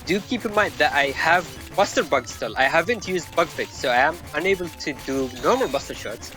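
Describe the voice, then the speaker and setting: A man's voice: fairly high pitch, lively intonation, brisk, sharp tone, soft background music. A man hosting a game tournament stream and explaining his own match, laughing often as he talks. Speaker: tournament player and stream host. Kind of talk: casual esports commentary.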